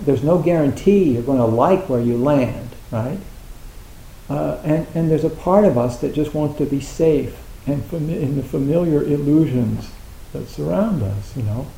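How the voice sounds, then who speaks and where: Man, zen teacher, informal retreat talk, gravelly, mellow tone, echoey room, lots of fillers. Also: a little high. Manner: rambling, many fillers and restarts.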